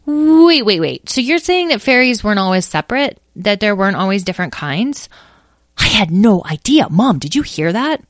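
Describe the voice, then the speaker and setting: A woman's voice: medium pitch, big pitch swings, dry recording, studio quality, voice pushed up, close to an everyday voice. Woman doing an eager young dragon boy. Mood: amazed. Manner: bubbly, rushed questions.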